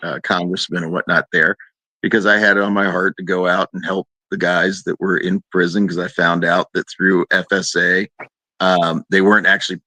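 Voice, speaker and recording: A man telling a long story in a casual chat, acting out quoted people in a raised voice. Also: no room sound. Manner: animated, acts out quoted voices in a higher pitch.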